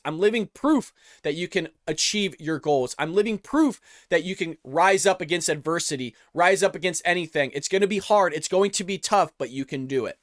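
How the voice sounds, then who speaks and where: A man's voice: on the high side, fairly bright tone, no echo, studio quality. A man hosting a reaction show, giving emphatic, repetitive commentary on a video clip. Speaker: host of a political reaction show.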